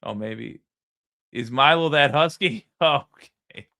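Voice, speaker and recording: A man's voice: mid-range voice, slow, vocal fry, pushed and bright, no echo, clean studio sound. A man hosting a live stream, chatting casually, musing aloud and reading out viewer comments. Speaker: streamer host.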